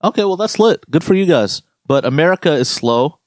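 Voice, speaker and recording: A man's voice: a little high, brisk, dry recording, clean studio sound. Profane ranting man, casual chat. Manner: profane, ranting, animated storytelling.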